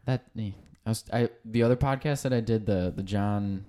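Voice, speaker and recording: A man's voice: lowish voice, normal speed, mellow. Young man, podcast host, casual chat, rambling, profane. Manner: rambling, profane, frequent restarts.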